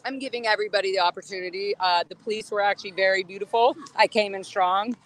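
A woman filming herself at a street protest outdoors, calling out loudly and bluntly to the people inside a building, then chatting casually into her phone. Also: mid-range voice, fairly even intonation, fast. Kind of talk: confrontational shouting at a building mixed with casual chat. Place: outdoors on a city sidewalk.

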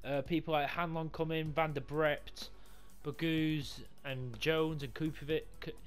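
A man commentating his own football video game run, swinging from calm talk to swearing and yelling at the screen. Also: fairly high pitch, measured pace. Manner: excitable, sweary, yells at the game. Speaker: gaming YouTuber. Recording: music playing behind.

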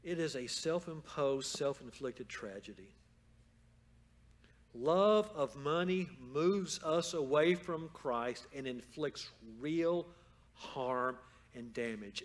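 A man preaching a sermon as pastor in a church, moving from calm storytelling to loud, fervent exhortation. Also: medium pitch, slow pace. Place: church sanctuary.

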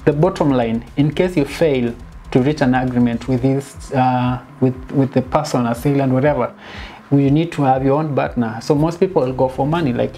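A woman giving a casual, animated film critique, dropping in bits of Swahili slang and sounding exasperated. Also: a bass voice, moderate pace, slight background noise. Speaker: film reviewer.

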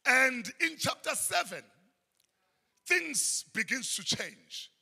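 A middle-aged South African man preaching a sermon, often breaking into shouted high bursts. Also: sing-song, slow pace, creaky, breathy edge. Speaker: pastor. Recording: long church hall reverb.

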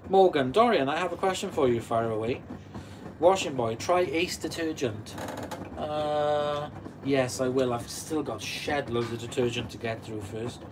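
A man's voice: medium pitch, measured pace. Welsh guy in his 40s on a live stream, chatting away and reading out comments, bit of faint noise behind. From Wales. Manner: chatty, reads out and answers comments. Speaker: channel host.

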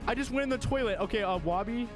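A very high-voiced man rattles off fast, excitable commentary as he plays through a game. He exclaims constantly and talks to his partner. Clear music plays behind him. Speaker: game video host.

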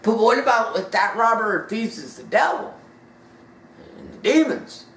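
A woman preaching a sermon emphatically, swinging from loud high peaks down to hushed drops. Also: animated, moderate pace. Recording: roomy sound from a distant mic.

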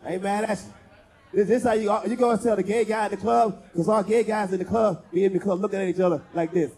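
High-voiced crude male comic. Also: fairly even intonation, fast. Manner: crude, loud, teasing the audience. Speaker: stand-up comedian. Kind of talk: stand-up with crowd work. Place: live comedy club. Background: audience.

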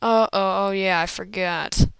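A woman chats her way through a video game match, exclaiming and rambling as things happen. Her speech is drawn out and unhurried, and her voice is smooth and clean. The old computer mic sits close in a dry, dead room. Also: mid-range voice, dry recording. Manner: excitable, rambling, frequent exclamations and laughs. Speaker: gamer commentating own play. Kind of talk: casual gameplay commentary. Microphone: old computer microphone.

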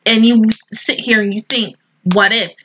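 A woman's voice: a little high, little pitch movement, normal speed, background noise. A woman hosting an anime reaction video, rambling emotionally in casual commentary and swearing freely.

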